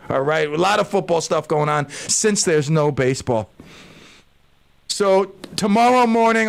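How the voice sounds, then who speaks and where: A male radio show host chatting in a rambling, excitable way from his studio, calling out shout-outs to listeners. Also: high voice, creaky. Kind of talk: casual radio chat. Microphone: studio microphone.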